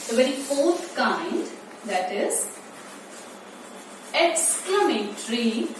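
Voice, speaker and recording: A woman teaching an online English lesson to young children, repeating key words slowly and drawing them out. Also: on the high side, sing-song. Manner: slow, repetitive, stretching key words. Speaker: primary school English teacher. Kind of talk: online class lecture. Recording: distant, very echoey room with faint noise.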